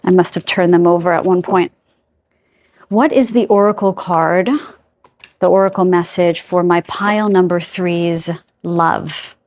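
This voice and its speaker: A woman's voice: on the low side, fairly even intonation, unhurried, darkish tone. A woman giving an intuitive tarot reading to camera, chatty and searching for words aloud, stopping to ask her spirit guides for messages. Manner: talks to spirit guides between remarks. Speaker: tarot card reader.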